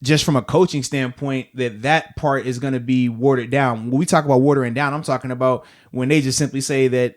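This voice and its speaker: A man in his thirties co-hosting a casual sports podcast. He is animated, laughs often, and drops slang like "baby" and "bro.". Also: medium pitch, brisk, few pauses. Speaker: podcast co-host and former player.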